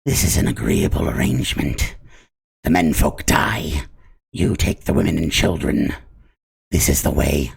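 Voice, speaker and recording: A man voicing a menacing male rat-folk cultist leader in a tabletop game, drawing out slow, hissing threats. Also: rumbling low, fairly even intonation, creaky, slightly rough, voice pushed down, exaggerated voice. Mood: scheming. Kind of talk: tabletop role-play voice.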